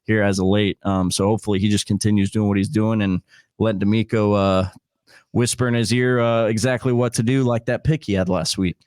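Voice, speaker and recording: A man's voice: fairly low pitch, steady tone, a little fast, a little mellow, dry recording, studio quality. A man talking as a guest on a casual sports podcast, enthusiastic, with stammering restarts.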